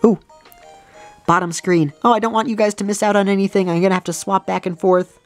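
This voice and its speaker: A woman's voice: mid-range voice, steady tone, a little fast, soft background music. A woman hosting a let's play, talking in casual, rambling gameplay commentary with many restarts and fillers.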